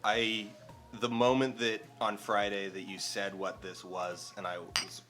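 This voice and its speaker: Bright-voiced, analytical male guest. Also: fairly low pitch, level tone, a little slow, soft background music. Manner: thoughtful, analytical explainer with many "like" fillers. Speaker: guest video essayist. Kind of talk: casual chat on a charity stream.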